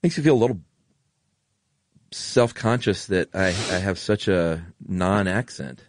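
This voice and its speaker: A man's voice: low voice, unhurried, slight background noise. A man co-hosting a podcast in casual chat, enthusiastic and rambling. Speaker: podcast co-host.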